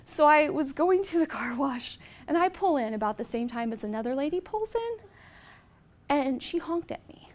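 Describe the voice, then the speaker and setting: High-voiced woman giving an animated talk. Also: moderate pace. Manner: animated, heartfelt storytelling. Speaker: motivational speaker. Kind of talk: inspirational presentation. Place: presentation room with a live audience.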